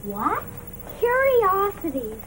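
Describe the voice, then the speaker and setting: An eager young girl asks curious questions in a 1970s TV period drama. Her very high voice bounces around as she talks. A faint hiss sits under the old recording. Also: wildly swooping pitch, takes it slowly, a bit bright, heavily acted, rough recording.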